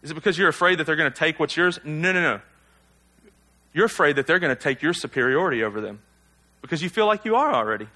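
A man's voice: fairly high pitch, lively intonation, fast, pushed and bright. A male pastor giving a sermon in a conversational, self-deprecating way, full of rhetorical questions to the congregation.

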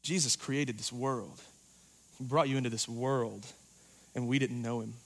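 A man preaching a sermon in a church, talking casually and joking, going loud and then quiet for emphasis. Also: mid-range voice, fairly even intonation, unhurried. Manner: conversational, joking, rises and drops in volume for emphasis.

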